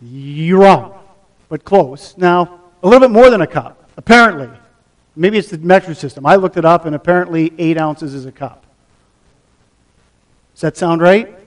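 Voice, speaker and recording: A middle-aged pastor preaching a sermon, teaching the passage and putting questions to the congregation. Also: male voice, fairly high pitch, normal speed, long pauses. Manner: teaching, asks the audience questions.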